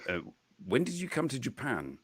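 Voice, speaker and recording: A man hosting a live online interview chat over a video call, halting and repeating words, chuckling often. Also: medium pitch, huge pitch swings, husky, no echo, studio quality. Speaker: host.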